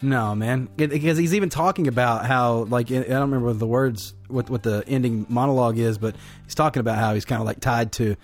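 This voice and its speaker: A man co-hosting a casual movie review podcast, talking quickly and excitedly, swearing now and then. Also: medium pitch, soft background music. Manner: fast, animated, swears, retells scenes. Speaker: podcast co-host.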